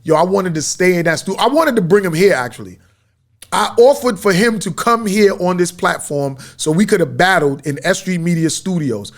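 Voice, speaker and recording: A man's voice: sits high, lively intonation, moderate pace. A man hosting his podcast in a media studio, telling a rambling story in slang-heavy street talk. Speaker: podcast host. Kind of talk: casual storytelling monologue.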